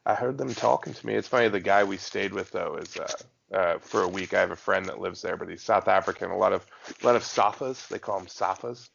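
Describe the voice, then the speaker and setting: A man with a very low, gravelly voice chatting casually as a podcast co-host, circling his point with fillers and false starts. The recording sounds a little dull and lo-fi. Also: steady tone, a little fast, a bit bright, a little hiss or hum. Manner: rambling, many fillers and restarts. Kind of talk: casual chat.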